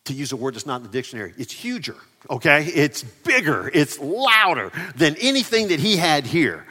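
A man preaching a sermon, swinging between loud emphasis and quiet asides. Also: fairly high pitch, big pitch swings, moderate pace. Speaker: pastor. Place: church near ball fields and a parking lot. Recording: echoey church hall.

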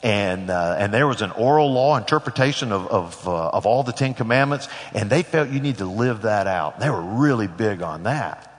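A man's voice: on the low side, lively intonation, normal speed, few pauses. A middle-aged man preaching a sermon as pastor, folksy and conversational with joking asides. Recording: long hall reverb.

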